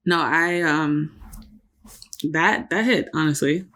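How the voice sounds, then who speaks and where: A woman's voice: sits low, slow pace, a bit bright. Earnest young woman, reflective podcast chat. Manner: earnest, reflective, laughs easily. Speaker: podcast co-host. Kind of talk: casual chat.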